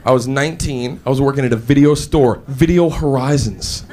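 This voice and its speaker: A man doing animated stand-up comedy, shouting and switching between voices. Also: medium pitch, brisk, a crowd in the background, background noise. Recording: live club with audience laughter.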